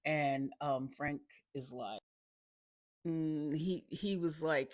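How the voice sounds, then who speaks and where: A man's voice: on the high side, slow pace, dry recording, studio quality. A man casually recapping a TV episode, rambling with lots of ums and restarts and chuckling along the way.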